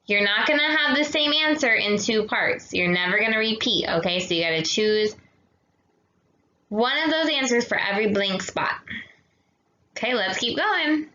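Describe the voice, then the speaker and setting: A young woman teaching children grammar in a patient, slow teacher voice, slipping in Spanish words and asking "okay?" again and again. Her voice is fairly high and bright, and it sounds dull and roomy, with a strong echo. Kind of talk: recorded grammar lesson for kids. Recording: echoey dull room sound.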